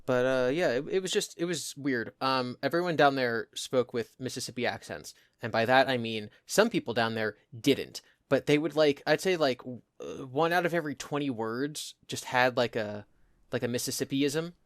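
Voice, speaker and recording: A man's voice: mid-range voice, normal speed, no room sound, clean studio sound. Rambling young man with a Jersey accent. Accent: New Jersey. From New Jersey. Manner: rambling, laughs often. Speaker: podcast co-host. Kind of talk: casual chat.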